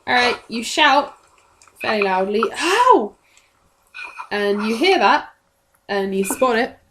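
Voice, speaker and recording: A woman's voice: fairly high pitch, measured pace, background noise. A woman, narrating casually as the game master of a tabletop game. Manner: casual, chatty, laughs often.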